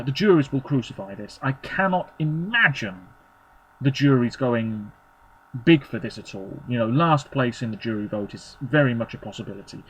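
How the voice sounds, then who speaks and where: A man talks through his opinions in short, clipped verdicts, chatty and sarcastic. His voice is a little husky and sits at an ordinary middle pitch. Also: rough recording. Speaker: Eurovision commentator. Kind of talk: opinionated solo commentary.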